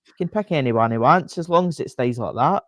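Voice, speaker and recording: A man with a Scottish accent in a casual podcast chat, animated and full of fillers like "uh" and "aye". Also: mid-range voice, fairly quick, no room sound. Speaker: podcast co-host.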